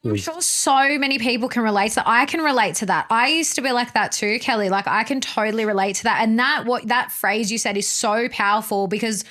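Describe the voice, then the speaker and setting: A woman's voice: fairly high pitch, a little fast, hardly any pauses, fairly bright tone. A woman co-hosting a podcast, responding to her guest in an enthusiastic, affirming way. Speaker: podcast co-host. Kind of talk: casual podcast chat.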